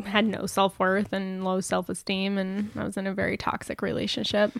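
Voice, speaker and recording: A woman's voice: medium pitch, monotone, normal speed, creaky, no room sound. A young woman casually co-hosting a podcast, telling candid personal stories in a chatty way. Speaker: podcast co-host. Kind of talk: casual chat.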